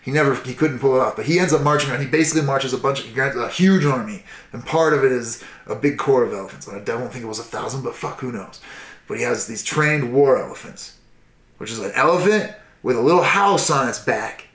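A man casually retells history, swearing freely and acting out the people involved, including their shouts and quotes. Profane and animated, he speaks briskly in a mid-range voice, with a roomy echo on the recording.

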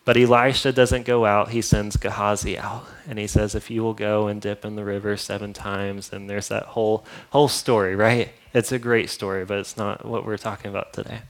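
A man's voice: on the low side, little pitch movement, brisk, few pauses. A man preaching a sermon, retelling a Bible story in a casual, conversational way with asides to his congregation. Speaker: pastor.

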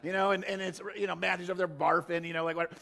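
Lively male pastor, high gravelly voice, animated sermon delivery. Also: racing, a faint crowd. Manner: animated, acts out the disciples in playful voices.

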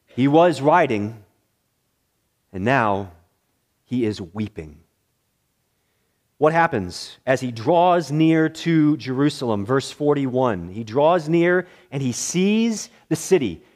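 A male pastor preaching a sermon, swinging between loud excitement and hushed, somber tones, with deliberate repeated phrases. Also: mid-range voice.

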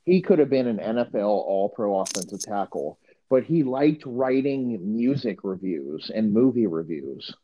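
A man's voice: on the low side, sing-song, normal speed, highs cut off. A man, a podcast co-host and former football coach, telling crude stories in casual chat with many restarts.

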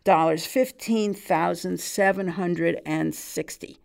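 A woman reader puts on a weighty older man in a story, jovial and sly. His voice carries a high, hilarious note over a gravelly edge. He teases in a mock-grand, knowing way. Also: slow, darkish tone, full character voice. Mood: teasing.

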